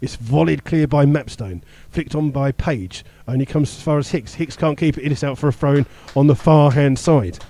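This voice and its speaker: A man's voice: on the high side, normal speed, few pauses, mellow. A man giving live radio commentary on a football match, rattling off play-by-play with the odd filler and chuckle. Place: stadium commentary position.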